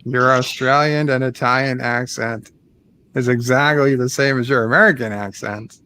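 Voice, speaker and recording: A man teasing in a deadpan way in casual chat on a video call. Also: mid-range voice, normal speed, clean tone.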